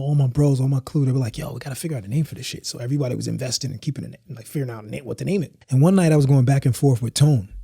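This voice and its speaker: Ny dude chatting slangy and relaxed about dancing, husky voice, dry close sound. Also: male voice, medium pitch, no echo. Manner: laid-back, rambling, slangy, acts out quoted friends. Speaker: guest, house dancer. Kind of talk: storytelling in a podcast interview.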